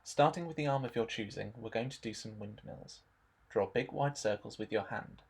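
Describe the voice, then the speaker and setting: Husky low-voiced man with dry humor. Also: moderate pace. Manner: dry, joking asides. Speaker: instructor leading a warm-up. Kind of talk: voice-over narration of a stretching demo.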